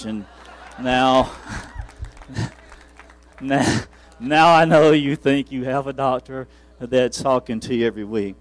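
A male pastor speaks from the pulpit of a church in a mid-pitched voice. He tells his stories in a folksy, rambling way, often chuckling at himself, while soft instrumental music plays faintly behind him. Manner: rambling, chuckling, self-deprecating.

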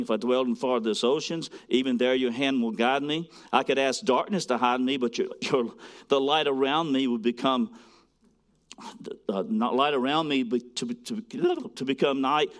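A man preaching a sermon, swinging between loud, emphatic lines and quiet, hushed asides as he reads scripture to a congregation. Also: mid-range voice. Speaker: pastor.

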